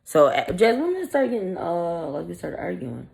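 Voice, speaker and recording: A woman's voice: on the low side, normal speed, vocal fry. A woman vlogger casually telling a story in a blunt, profane, irritated way, acting out the quoted dialogue. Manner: animated, acts out the quoted dialogue.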